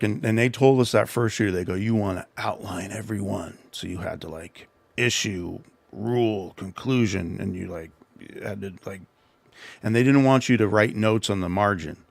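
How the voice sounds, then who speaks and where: A man's voice: fairly low pitch, normal speed, vocal fry, no room sound. A middle-aged man hosting a livestream, telling a rambling, self-deprecating story and giving casual advice. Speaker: livestream host.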